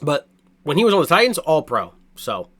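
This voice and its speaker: Male fan-host, casual sports rant: excitable, profane, lively swinging pitch, rambling delivery. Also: normal speed. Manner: excitable, swears a lot, blunt opinions; rambling, many restarts and fillers. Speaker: sports fan reacting to a draft.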